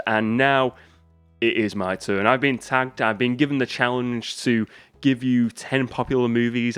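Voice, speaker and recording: Chatty man with a smooth voice. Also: medium pitch, no echo. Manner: chatty, rambling and self-deprecating, with many restarts. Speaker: movie YouTuber. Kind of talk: casual vlog chat.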